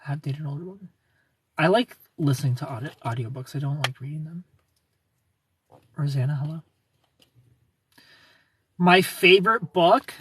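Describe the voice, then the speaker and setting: A man's voice: on the high side, lively intonation, fairly quick, a bit bright, distant mic, a little hiss or hum. A man in his thirties hosting a casual livestream and answering viewers' comments, rambling, restarting sentences and chuckling often.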